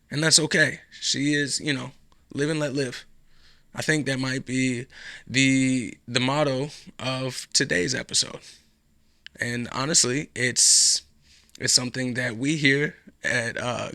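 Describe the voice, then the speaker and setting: A man's voice: medium pitch, gravelly, pushed and bright, dry recording, studio quality. A man hosting a podcast alone, talking in a rambling, sarcastic and profane way. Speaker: podcast host. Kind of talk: casual solo commentary.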